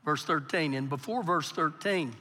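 Man preaching, high voice, reverberant church hall. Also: moderate pace. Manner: preaching with big swings from quiet to loud. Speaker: pastor. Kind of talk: sermon.

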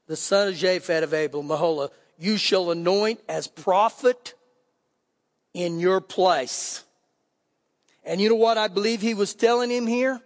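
A man pastor preaching a sermon, reading scripture aloud and then paraphrasing it with emphatic rises in pitch. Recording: long hall reverb.

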